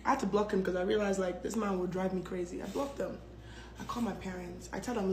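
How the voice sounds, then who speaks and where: A woman's voice: mid-range voice, fairly even intonation, fast, reverberant, noisy background. A woman telling a story in a casual vlog, dramatic and blunt, with plenty of swearing. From United States. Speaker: storytelling vlogger.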